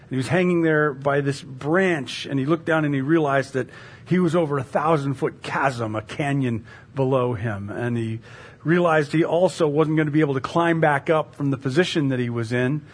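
A man's voice: mid-range voice, normal speed. A male pastor praying and then preaching a sermon in a casual, storytelling way, with lots of fillers. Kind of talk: conversational sermon.

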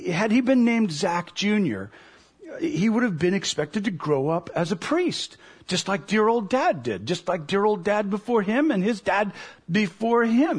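A man preaching a sermon, animated and storytelling, acting out the voices of the people he talks about. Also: sits high, slightly rough. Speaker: pastor.

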